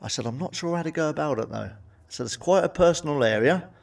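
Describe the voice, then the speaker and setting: A middle-aged man doing a crude stand-up comedy routine, swearing freely and landing deadpan punchlines. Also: fairly high pitch, fast, vocal fry, far from the mic.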